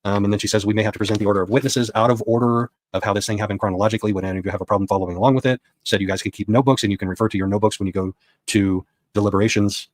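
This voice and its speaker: A man's voice: on the low side, steady tone, very fast, no echo. A man giving a casual spoken recap of a court session as a reporter, retelling what was said with quoted dialogue.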